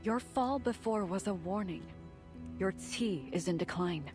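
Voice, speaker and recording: An actress playing a calm, wise woman grandmaster who speaks in a measured, gently firm way, in game audio. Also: medium pitch, lightly acted. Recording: game audio with background music.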